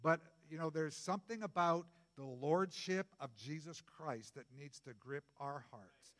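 A middle-aged male pastor preaches in a large hall, keeping things conversational and jokey while swinging between loud bursts and soft asides. His voice is a little high and his pace unhurried.

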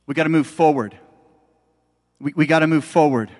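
A man's voice: fairly high pitch, moderate pace. A middle-aged man preaching a sermon as a pastor, in a conversational, emphatic way that speaks straight to the listeners. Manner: conversational, emphatic, addresses audience directly. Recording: long hall reverb.

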